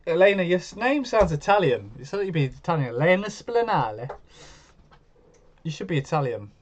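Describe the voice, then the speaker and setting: A man's voice: a little high, big pitch swings, fairly quick, muffled recording, a little hiss or hum. A man hosting a live stream, chatting casually and answering viewers' comments as he goes.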